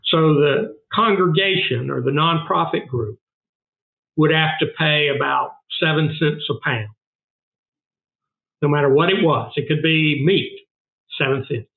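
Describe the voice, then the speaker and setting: Gravelly older Southern man, phone-like sound. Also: a little high, measured pace, long pauses. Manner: emphatic, earnest, repeats for stress. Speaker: guest, food bank founder. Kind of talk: casual interview.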